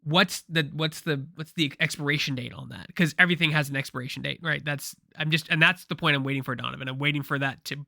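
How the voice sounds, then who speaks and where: A man's voice: a little high, steady tone, fast talker, gravelly, hardly any pauses, pushed and bright, no echo, studio quality. A man co-hosting a casual pop culture talk show, rambling and opinionated with frequent restarts. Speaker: co-host. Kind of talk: casual podcast discussion.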